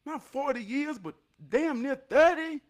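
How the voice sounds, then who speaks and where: A man in his forties telling a neighborhood story from his youth, animated, swinging from loud bursts down to a hush. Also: very high-pitched, a little slow. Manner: animated, loud bursts, drops to hushed tones. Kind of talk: casual storytelling vlog.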